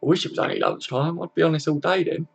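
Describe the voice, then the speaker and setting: Young male fan-stream host, slightly high, gravelly voice, relaxed and sweary. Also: fast. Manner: laid-back, swears freely, chuckles often. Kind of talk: casual live-stream chat, reading comments aloud.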